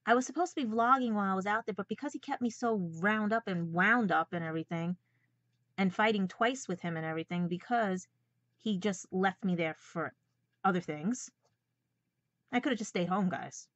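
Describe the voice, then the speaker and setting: A woman's voice: mid-range voice, moderate pace, a bit bright, no echo. A woman ranting confrontationally in a personal vlog, repeatedly calling out her viewers as "guys.". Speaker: vlogger. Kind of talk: angry personal vlog rant. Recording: dull lo-fi dry sound.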